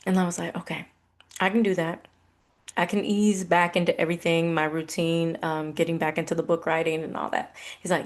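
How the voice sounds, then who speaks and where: A woman in her thirties, a podcast host, casually telling a personal faith story in a conversational, animated way. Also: mid-range voice, normal speed. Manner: conversational, animated retelling with laughs.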